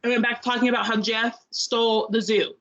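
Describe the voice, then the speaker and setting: A young woman with a fairly high voice talks through a show review in a loose, animated, rambling way, piling on asides. Her sound is dull and lo-fi, as if from a basic setup. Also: a little fast. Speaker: podcast co-host. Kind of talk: casual review chat.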